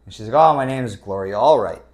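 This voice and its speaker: A man's voice: on the low side, expressive, fast, darkish tone. A young man from Canada telling a personal story in a loose, casual way, with lots of fillers and swearing, and quoting other people in his own voice.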